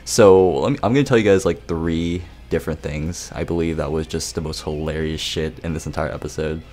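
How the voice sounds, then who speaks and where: A man's voice: very deep voice, brisk, a little mellow. A young man giving a casual anime episode review, rambling, laughing and swearing as he retells scenes.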